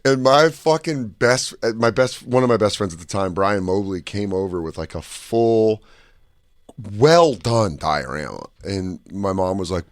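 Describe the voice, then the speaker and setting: A man's voice: fairly low pitch, moderate pace, no echo, studio quality. A man co-hosting a podcast, trading crude jokes and childhood stories in casual chat. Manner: animated, crude jokey banter. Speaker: podcast co-host.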